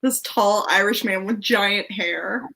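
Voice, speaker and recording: A woman's voice: medium pitch, slow, creaky, bright, forceful tone. A young woman in casual chat, telling an anecdote and laughing as she goes. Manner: storytelling, quotes others in put-on voices, laughs.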